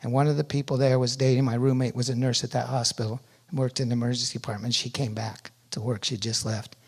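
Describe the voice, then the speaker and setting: A middle-aged man giving a sermon testimony, telling his story with animated energy that rises loud at its peaks. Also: mid-range voice, fast talker, husky. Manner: animated storytelling, rising loud when reliving pain.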